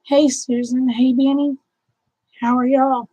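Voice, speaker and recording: A Southern woman with a high voice talks to her viewers on a livestream, emotional and close to tears. Her chatty voice sounds dry and close to the mic. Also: little pitch movement, slow, mellow, husky, dry recording, low-quality recording. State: tearful. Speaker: livestream host. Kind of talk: casual live chat with viewers.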